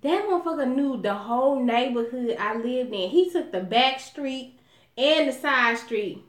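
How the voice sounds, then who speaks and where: Woman, Alabama accent, animated profane storytelling, fairly high voice, echoey room. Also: a little slow. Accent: Southern US, Alabama. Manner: animated, profane, addresses viewers as y'all. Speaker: vlogger. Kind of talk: casual storytelling vlog.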